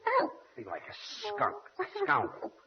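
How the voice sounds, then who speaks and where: A man's voice: a little slow, crowd noise. A man playing the exasperated straight man in a 1940s radio comedy, recorded from the broadcast. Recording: muffled 1940s radio broadcast with studio audience.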